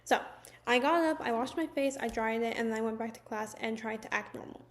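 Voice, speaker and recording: A young woman telling a personal story in a casual, animated storytime manner, with lots of "like"s. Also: on the high side, brisk. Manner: chatty, animated storytelling with many "like"s. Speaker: vlogger.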